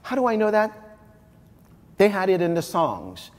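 A Haitian man with a high-sitting voice and huge pitch swings speaks a little slowly while giving a live motivational keynote in a large conference hall. He is emphatic, repeating phrases and addressing the crowd directly, with long hall reverb from the room.

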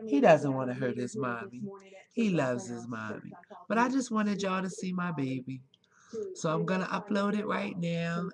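A woman's voice: on the low side, expressive, moderate pace. A woman recording a webcam video at home, showing off her pet and talking to him in doting baby talk. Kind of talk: casual webcam vlog. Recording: TV chatter in background.

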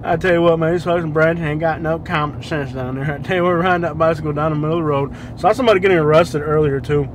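Man, rambling driver-vlogger, high-pitched, light road noise behind. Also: fairly even intonation, very fast, hardly any pauses. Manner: rambling storyteller with Southern slang, laughs often. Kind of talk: casual driving vlog chat. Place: inside a car driving at night. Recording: faint street noise behind. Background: faint road and traffic noise.

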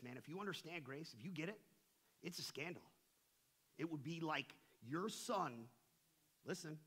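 A middle-aged male pastor preaching a sermon in a church, conversational and full of slang, swinging between hushed asides and impassioned shouts. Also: a little high, breathy edge. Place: church sanctuary.

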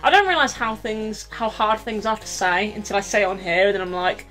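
A woman's voice: mid-range voice, lively intonation, moderate pace, few pauses, fairly bright tone, faint music behind. A young woman from the UK, a bubbly, self-mocking vlogger chatting casually through an unboxing, a little out of breath. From United Kingdom. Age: young adult. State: slightly out of breath.

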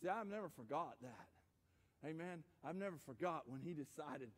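High-voiced preacher in a reverberant church. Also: male voice, expressive, normal speed. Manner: preaching with swings from quiet to shouted. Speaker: pastor. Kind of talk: sermon. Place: church sanctuary. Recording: church sanctuary with long reverb.

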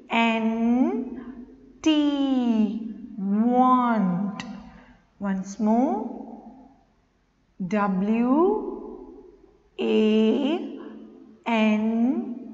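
Slow-spelling woman teacher, echoey room. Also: high-pitched, a little mellow. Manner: spells words letter by letter, repeats them. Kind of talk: slow spelling lesson for children. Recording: echoey room, dull lo-fi sound.

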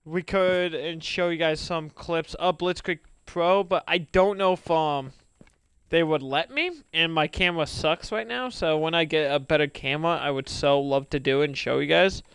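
A young man streaming a game, chatting casually and excitably with many fillers and laughs. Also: fairly high pitch, normal speed, clean tone, no room sound, clean studio sound. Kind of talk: casual gaming chat.

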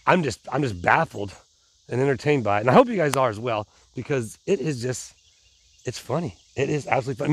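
A man's voice: mid-range voice, no room sound. A middle-aged man vlogging casually to his viewers, rambling and restarting, pumped up on adrenaline. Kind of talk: casual vlog talk to viewers.

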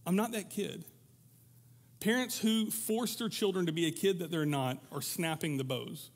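A man's voice: fairly high pitch, lively intonation, moderate pace. A man preaching a sermon at a church in a conversational way, slipping into quoted voices to act out examples. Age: adult parent. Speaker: pastor.

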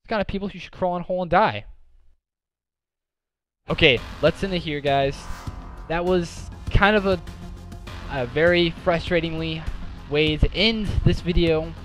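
A man giving casual gameplay commentary in an excitable way, breaking into exasperated outbursts. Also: on the high side, normal speed, pauses often. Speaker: gaming commentator. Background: game music and sounds.

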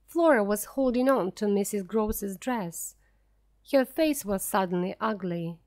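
A woman reading a simplified story aloud as a first-person narrator, clear and deliberate. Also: medium pitch, darkish tone. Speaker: audiobook reader.

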